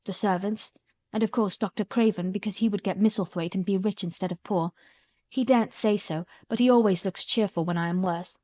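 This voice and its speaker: A woman's voice: medium pitch, steady tone, brisk, dark tone, dry recording, close to an everyday voice. Woman reading as a cross sickly boy. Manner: cross, resentful. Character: sickly, self-pitying young boy. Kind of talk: audiobook character reading.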